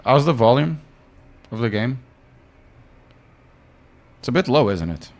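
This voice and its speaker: A man's voice: mid-range voice, big pitch swings, measured pace. A man streaming a racing sim, chatting casually with his viewers, often cutting himself off mid-sentence. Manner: fidgety, self-interrupting, talks to chat while fixing audio. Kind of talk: casual live stream chat while driving.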